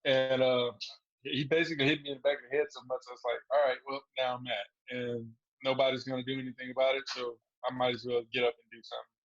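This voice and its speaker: Male guest, relaxed storyteller, chuckles often, muffled podcast audio. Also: mid-range voice, fast. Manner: laid-back, laughs through his stories. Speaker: guest fighter. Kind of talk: casual storytelling interview.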